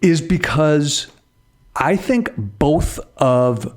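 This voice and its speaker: A man's voice: on the high side, animated, drawn-out words. A man co-hosting a casual podcast, talking animatedly with laughing asides and frequent restarts. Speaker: podcast co-host.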